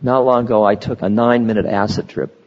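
An older man giving a slow, meditative spiritual talk, pausing between words, recorded lo-fi in a reverberant hall. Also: fairly low pitch, fairly even intonation. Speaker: spiritual teacher.

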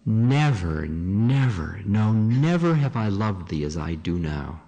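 A man's voice: fairly low pitch, animated, takes it slowly, darkish tone, voice pushed up, full character voice, low-quality recording. A man reading aloud as a devoted young married woman, in fervent, old-fashioned declamation. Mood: rapturous.

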